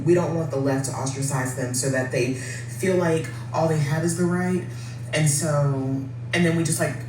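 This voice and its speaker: A speaker giving a political commentary monologue, blunt and profane, building the argument step by step. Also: mid-range voice. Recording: distant mic in an echoey room with faint background noise.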